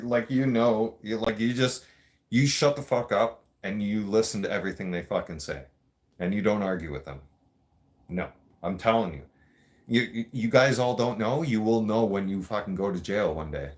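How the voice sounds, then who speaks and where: A man hosting a show, telling a story in a blunt, casual way, swearing constantly and talking straight to his listeners. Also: fairly low pitch. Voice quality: blunt, heavy swearing, streetwise.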